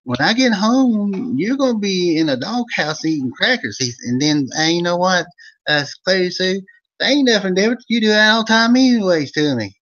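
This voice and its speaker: A man's voice: animated, moderate pace, lo-fi sound. A man voicing Old Vern, a folksy country storyteller with an Eastern Kentucky accent. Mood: rambling yarn. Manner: loud, high-pitched, rambling yarn-spinning.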